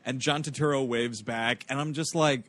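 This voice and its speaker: A man's voice: medium pitch, moderate pace. A man in casual podcast chat about a movie, acting out characters' lines with a swearing, joking manner. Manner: animated, acts out quoted lines, swears casually. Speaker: podcast co-host.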